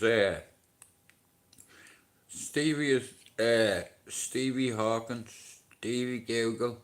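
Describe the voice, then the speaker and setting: A middle-aged man with a Dublin Irish accent chats casually on his livestream, speaking extremely slowly in a mid-range voice. He swears freely, bantering with viewers and shouting at commenters.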